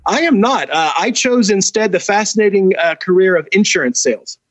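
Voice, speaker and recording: A man in his forties from California, calling in to a talk show and chatting casually, telling self-deprecating stories with a mimic's lively delivery. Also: sits high, a little fast. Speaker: caller. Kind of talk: casual call-in chat.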